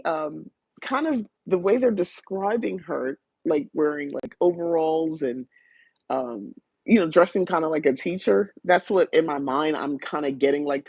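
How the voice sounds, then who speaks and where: Woman, podcast host, rambling book review chat, fry in the voice. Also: deep voice, a little mellow, no echo. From South New Jersey, USA. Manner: chatty, rambling, frequent restarts and fillers; greets live viewers by name.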